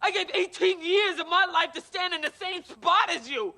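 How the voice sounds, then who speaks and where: A woman's voice: very high voice, moderate pace, bright, forceful tone. An actress playing a long-suffering wife who finally erupts at her husband, raw and tearful. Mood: anguished. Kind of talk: film drama dialogue.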